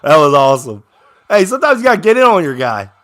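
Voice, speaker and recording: A young man reacting to a game as it plays out, talking like a fan on the couch. His voice is bright and lively, rising high and sharp when a play goes his way, then sinking back into muttered complaints. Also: quick pace. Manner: excitable, swings from grumbling to shouting with plays. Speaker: fan commentator watching a live game. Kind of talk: casual live game reaction commentary.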